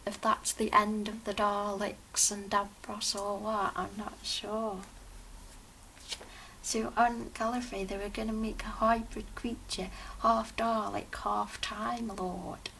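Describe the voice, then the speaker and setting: Woman fan reviewer, casual and excitable, flat-ish pitch, slight background hiss. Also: vocal fry. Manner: chatty, excited, rambling with restarts. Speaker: TV episode reviewer.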